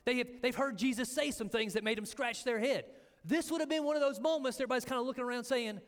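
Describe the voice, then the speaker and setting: Animated high-voiced male preacher. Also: fast talker. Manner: animated storytelling, acting out quotes. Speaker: pastor. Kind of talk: sermon. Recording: echoey hall with long reverb.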